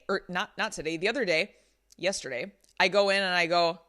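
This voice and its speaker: A young woman vlogger telling a story in an animated, exasperated way, full of likes, recorded on a laptop's built-in mic. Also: on the low side, a little fast. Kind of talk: storytime vlog.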